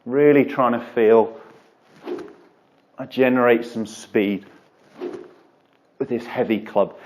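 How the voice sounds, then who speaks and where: Filmed in an indoor golf studio, this instructional lesson features a male golf coach from England walking through a drill while showing it. His mid-range voice stays easygoing and conversational, peppered with frequent fillers.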